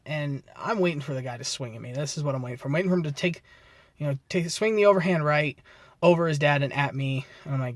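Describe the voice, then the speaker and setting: A man's voice: a little high, quick pace, dry recording. A man vlogging, telling a story in a rambling, conversational way and often correcting himself. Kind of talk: casual storytelling to camera.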